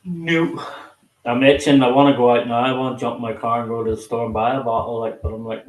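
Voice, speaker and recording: A man's voice: medium pitch, flat delivery, fast, echoey room. A man chatting casually on a group video call, swearing freely and sounding tired and restless. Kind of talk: casual chat.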